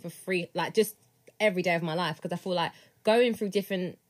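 A woman's voice: fairly low pitch, brisk. A woman co-hosting a podcast in casual chat, reflective and chatty, trailing off with fillers. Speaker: podcast co-host.

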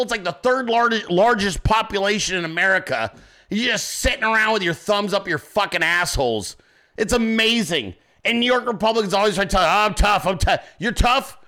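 A male host tears into his topic in an angry, swearing rant. His voice is high and bright with a sharp edge, and it climbs further when he shouts questions at his listeners. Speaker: podcast host. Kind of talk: political commentary rant.

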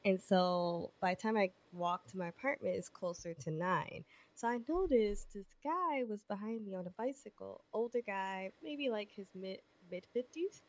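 A woman in her twenties telling a story in casual chat, animated and profane, acting out the people in it. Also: medium pitch, normal speed. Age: 20s. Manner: animated, profane, acts out voices in her stories.

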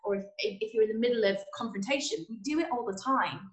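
A woman's voice: on the high side, quick pace, reverberant, rough recording. A woman chiropractor answering interview questions, earnest and explanatory. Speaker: chiropractor guest.

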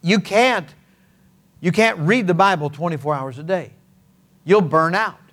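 A man's voice: sits high, lively intonation, unhurried, fairly bright tone. A man preaching a sermon as pastor, in a folksy, conversational way with homespun examples and playful sound words. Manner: frequent hesitant fillers and restarts.

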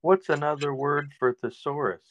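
A man's voice: fairly high pitch, moderate pace, a little hiss or hum. A man co-hosting a casual podcast, hesitantly reading out a list of questions. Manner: hesitant, soft-spoken, reads out questions. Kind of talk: casual comedic chat. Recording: dull dry mic.

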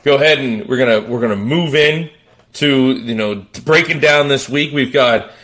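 A man hosting a sports talk podcast, hyped and theatrical, breaking into shouts. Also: mid-range voice, normal speed. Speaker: podcast host.

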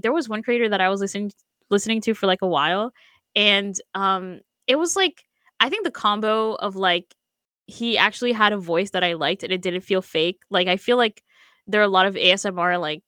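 A woman's voice: medium pitch, moderate pace, sharp tone, clear, resonant tone, dry recording, clean studio sound. A young woman chatting casually on a podcast, laughing often and filling her talk with "like" and restarts. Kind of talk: casual chat.

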